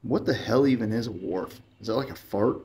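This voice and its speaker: A man's voice: lowish voice, fairly quick, a little mellow, a little hiss or hum. A man giving dry, joking voice-over commentary on his own gameplay. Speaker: gamer narrating gameplay.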